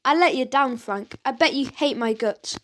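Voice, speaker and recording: A woman's voice: high-pitched, normal speed, fairly bright tone. A woman voicing a remorseful mother in an audiobook, speaking through tears. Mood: tearful. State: crying. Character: remorseful mother, tearful and broken.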